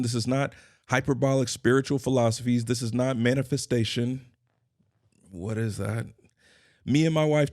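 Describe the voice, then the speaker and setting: A man's voice: medium pitch, gravelly, darkish tone, no room sound, clean studio sound. A middle-aged man hosting his own podcast, delivering a scripted motivational monologue in emphatic, repeated declarations. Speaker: podcast host and consultant.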